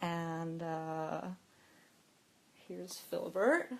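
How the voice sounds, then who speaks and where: A woman's voice: on the low side, lively intonation, measured pace. A young woman hosting a phone livestream, telling a story in a chatty, casual way with lots of "like" and frequent laughs. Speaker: livestream host.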